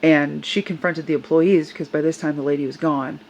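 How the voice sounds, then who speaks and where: A woman's voice: low voice, steady tone, a little fast, a little mellow, dull audio, slight background noise. An older woman tells a personal story in a vlog, earnest and upset as she recounts what happened. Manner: upset, earnest retelling with quoted voices. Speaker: service dog handler.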